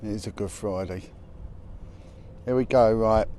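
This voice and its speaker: Filming on his phone from a high spot above the city at sunset, a livestream host greets viewers by name and chats casually. His voice is low-ish, unhurried and mellow. The outdoor phone audio picks up faint traffic.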